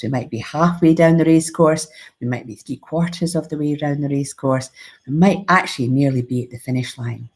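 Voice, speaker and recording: A woman's voice: deep voice, mellow. A Scottish woman who teaches mindfulness, giving a reflective spiritual talk in an earnest, musing way with frequent restarts.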